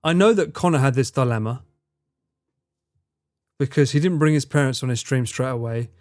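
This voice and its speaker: A young man live-streams and chats with his viewers, teasing them with mock outrage and swearing freely. His medium-pitched, darkish voice comes at a moderate pace in a dry, clean studio recording.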